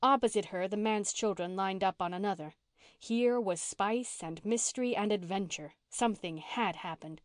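Her reading of a classic novel is scripted audiobook narration, measured and even in its storytelling. The woman speaks at medium pitch, recorded dry in studio quality.

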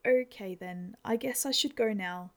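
Sad teen girl, soft and hesitant, bit of gravel in the voice, woman reading her. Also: medium pitch, unhurried, natural voice. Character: sad, quiet teenage girl with a secret.

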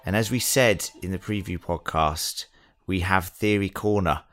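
A man co-hosting a podcast, agreeable and relaxed, reading listener messages out. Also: deep voice, unhurried, faint music behind. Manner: easygoing, agreeable, reads listener messages aloud. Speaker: podcast co-host. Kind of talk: casual chat.

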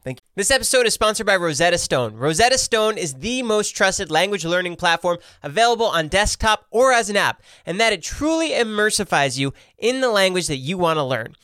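A young man co-hosting a podcast, with a smooth, clear voice set a bit high. He talks in a playful, teasing way and laughs easily. The sound is close and dry, with no room echo. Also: sing-song, fairly quick, hardly any pauses, pushed and bright. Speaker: podcast co-host. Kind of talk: casual podcast chat with read ads.

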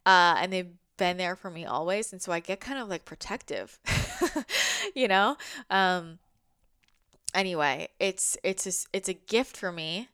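A woman's voice: fairly low pitch, animated, measured pace, bright, forceful tone, clean tone, dry recording, clean studio sound. A young adult woman talking casually and reflectively as a spiritual channel, rambling with lots of fillers, heartfelt and sometimes swearing. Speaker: spiritual channel, podcast host.

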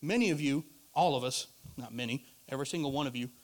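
Speaking fast with a medium-pitched voice, a male pastor delivers a conversational sermon. His delivery swings between loud, emphatic moments and quiet asides.

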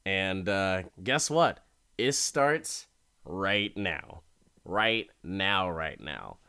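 Slow, rambling man recapping a show. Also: sits low, bright, forceful tone, clear, resonant tone, no echo, clean studio sound. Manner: rambling and wry, heavy with fillers.

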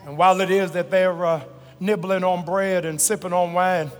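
A man pastor preaching a fervent sermon, stretching and shouting phrases and calling on the congregation to answer. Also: high-pitched, fairly even intonation, normal speed, soft background music. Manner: colloquial, calls on the congregation to respond. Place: large church sanctuary. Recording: reverberant large hall, live church recording.

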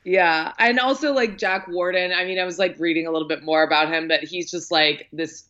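A woman with a very low voice chats about a film on a podcast, full of "like" and "um" and quick acted-out quotes. Her sound is a little dull and muffled. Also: fairly even intonation, fairly bright tone. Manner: chatty, lots of likes and ums, acts out quotes. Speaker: podcast guest, film critic. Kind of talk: casual film discussion.

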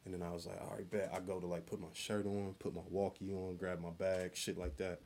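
A man chatting on a podcast, telling an animated, profane work story full of slang. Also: deep voice, fairly quick, a little hiss or hum. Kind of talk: casual podcast chat.

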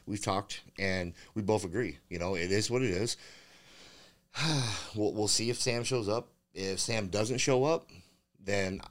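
A man's voice: on the low side, measured pace. A man, a fighter guest on a casual interview, rambling through stories with lots of swearing and fillers. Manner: rambling, profane storytelling with many fillers. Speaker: bare-knuckle fighter guest.

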